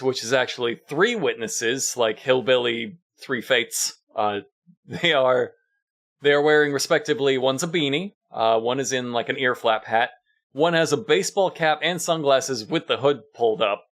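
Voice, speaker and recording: A man's voice: mid-range voice, normal speed, fairly bright tone. A man co-hosting a podcast in casual chat, wry and amused, often breaking into laughter as he recaps a show. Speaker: podcast co-host.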